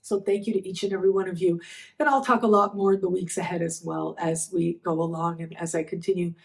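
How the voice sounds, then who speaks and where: A woman's voice: lowish voice, fairly even intonation, gravelly. Emotional, grateful woman astrologer vlogging. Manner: emotional, grateful, halting with repeated thanks. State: recovering after bed rest. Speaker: astrology channel host. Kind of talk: heartfelt personal talk to camera.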